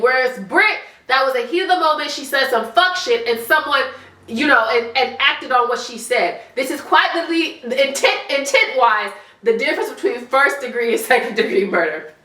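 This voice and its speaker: Woman vlogger, stuffy-nosed, animated and profane, bright voice with roomy echo. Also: high voice. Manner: animated, sassy, blunt with profanity. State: congested, stuffy nose. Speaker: commentary vlogger. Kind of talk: casual reality TV commentary.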